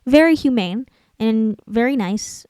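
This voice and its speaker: A woman's voice: a little high, lively intonation, measured pace, darkish tone, clean tone, dry recording. Chatty young woman rambling about a film. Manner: rambling, self-deprecating, searching for words aloud. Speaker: channel host. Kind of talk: casual film commentary.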